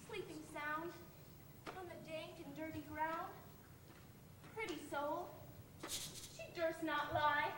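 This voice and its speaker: A woman's voice: very high voice, heavily acted. A woman playing Puck, a mischievous young fairy, speaking rhyming verse on a stage. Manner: sing-song rhyming verse, playful. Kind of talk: stage play performance. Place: theater stage. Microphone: distant room mic. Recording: echoey stage from far off, noisy.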